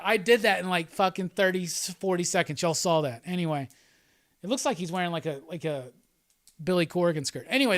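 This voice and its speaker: Man, livestream host, rambling, profane, fairly high voice, dry close sound. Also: a bit bright, no echo. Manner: rambling and profane, with frequent laughs. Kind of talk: casual livestream chat.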